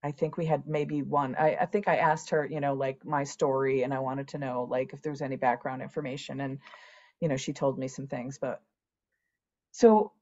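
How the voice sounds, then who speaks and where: A woman's voice: rumbling low, steady tone, normal speed, darkish tone, muffled recording. A woman in her sixties, a podcast guest telling her own story candidly and animatedly, acting out past conversations. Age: 60s. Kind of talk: candid personal interview.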